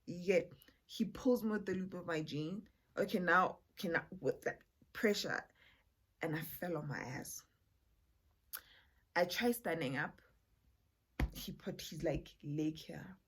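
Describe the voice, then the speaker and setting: A woman's voice: on the low side, a little slow, long pauses, breathy edge. A woman, chatting to her viewers in a casual storytime vlog. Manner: chatty, addresses viewers as "guys", many fillers. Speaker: vlogger.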